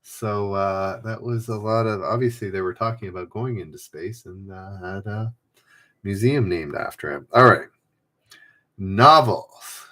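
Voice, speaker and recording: Hosting live trivia from his home, a low-voiced man reads quiz clues and chat names aloud, rambling and correcting himself along the way. His delivery is measured, pushed and bright.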